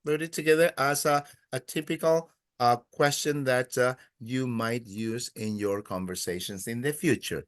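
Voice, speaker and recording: A man teaching a Spanish class in a classroom, patiently prompting students, praising their answers and pausing often with "uh". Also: medium pitch, dry recording, clean studio sound. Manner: hesitant, many "uh" pauses. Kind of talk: classroom language lesson.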